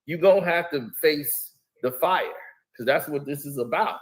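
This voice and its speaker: High-voiced, animated man on a live stream. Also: normal speed. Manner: animated, laughing often, slangy. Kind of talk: casual live stream chat.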